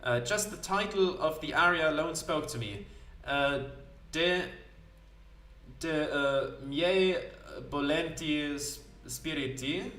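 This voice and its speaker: A man's voice: on the high side, slow pace, fairly bright tone. A man voicing a wiry young male Spanish seaman with a put-on Spanish accent, passionate and lilting. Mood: wistful. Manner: passionate, lilting, sprinkled with foreign phrases. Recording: roomy sound, distant mic.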